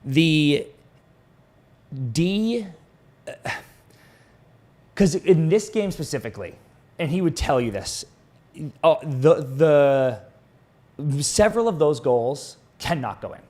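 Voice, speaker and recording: A man co-hosting a live hockey podcast, talking in a loose, excitable way and swearing freely. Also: a little high, slow, pauses often. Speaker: podcast co-host. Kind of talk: casual hockey chat.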